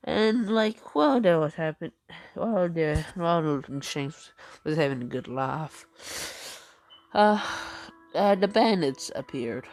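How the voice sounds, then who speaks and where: A woman's voice: deep voice, animated, slow pace, a little mellow, no room sound. A woman improvising a fan story, hesitant, with lots of fillers and self-corrections. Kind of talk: improvised fan-fiction narration.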